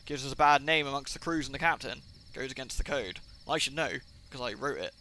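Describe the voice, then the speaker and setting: Gruff old vagabond guy, grumbly, put-on accent, bit bright, a streamer doing the voice. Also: mid-range voice, quick pace, a little hiss or hum. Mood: grumbling. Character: gruff male vagabond, old wanderer, sly.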